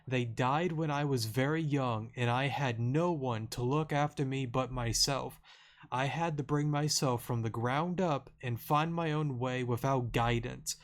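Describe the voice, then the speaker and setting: A man reading out a gentle, earnest mother. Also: medium pitch, a little slow, lightly acted. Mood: sorrowful. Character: kind grieving mother, adult woman, gentle and earnest.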